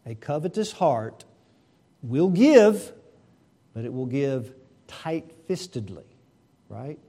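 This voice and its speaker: A man preaching a sermon, animated and asking the congregation rhetorical questions. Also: medium pitch, a little slow. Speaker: pastor.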